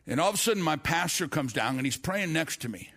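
Higher-voiced man preaching a testimony. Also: animated, fast talker, a bit bright. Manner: earnest storytelling, frequent restarts and repeated words. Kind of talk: sermon with personal testimony.

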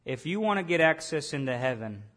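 Guy preaching a sermon, earnest, bit higher voice, keeps repeating lines. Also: very animated, fairly quick, a bit bright. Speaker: pastor.

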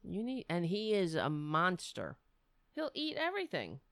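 A woman's voice: lowish voice, huge pitch swings, measured pace, fairly bright tone, no echo. A middle-aged woman hosting a casual livestream, rambling and self-mocking as she chats to viewers and her cat. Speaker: livestream host.

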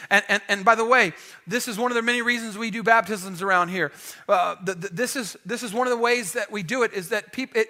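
A man preaching a sermon in a church, energetic and conversational, with emphatic bursts. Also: high-pitched. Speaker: pastor. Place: church sanctuary.

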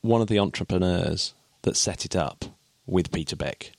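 A man's voice: sits low, animated, normal speed, creaky. A man co-hosting a podcast, explaining things in a rambling, chatty way with frequent self-corrections and chuckles. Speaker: podcast co-host. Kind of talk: casual explanatory chat.

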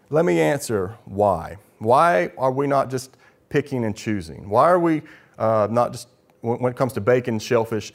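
A man preaching a teaching sermon as pastor, explaining step by step and posing rhetorical questions, with frequent restarts. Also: mid-range voice.

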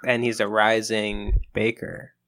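A man co-hosting an improvised comedy podcast, making hesitant deadpan suggestions in casual chat. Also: on the low side, measured pace.

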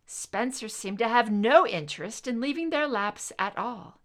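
A woman reading a story aloud as narrator, in an expressive, unhurried way. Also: on the high side. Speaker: reader.

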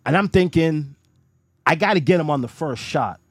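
A man telling a story in a casual podcast chat, animated and profane, laughing often. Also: on the high side, moderate pace, husky, dry recording, clean studio sound. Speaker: guest storyteller.

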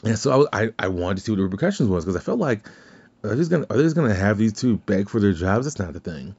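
A man's voice: lowish voice, sing-song, racing, darkish tone, husky. A man hosting a podcast in casual chat, rambling and cursing, with many restarts. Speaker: podcast host. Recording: slightly dull lo-fi sound.

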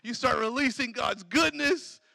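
High, gravelly-voiced excitable male preacher. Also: measured pace, no echo, low-quality recording. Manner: energetic, laughs often, exclaims praise. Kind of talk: lively sermon.

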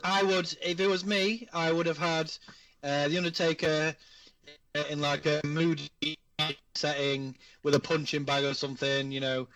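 Bright-toned man, halting co-host. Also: fairly high pitch, flat delivery, no echo, faint music behind. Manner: halting, restarts often. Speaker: podcast co-host. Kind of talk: casual podcast chat. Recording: distant mic in a dry room.

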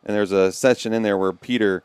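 Fairly low and fairly even in intonation, a man's clear, resonant, slightly mellow voice moves at a fairly quick pace with no echo. He's a podcast co-host sharing earnest, casual stories and voicing the people in them.

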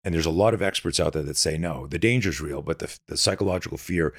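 Very deep, husky-voiced middle-aged man. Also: fast, no echo, clean studio sound. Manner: intense, animated storyteller with frequent restarts. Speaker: podcast guest, self-defense instructor. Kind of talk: casual interview storytelling.

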